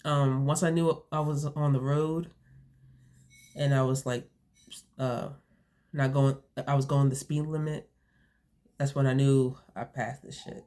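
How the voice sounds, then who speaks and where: A woman's voice: extremely low pitch, fairly even intonation, a little slow, pauses often, dark tone. A young woman vlogging casually to her viewers, rambling with lots of fillers and restarts, a bit sniffly from allergies. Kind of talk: casual storytelling to camera.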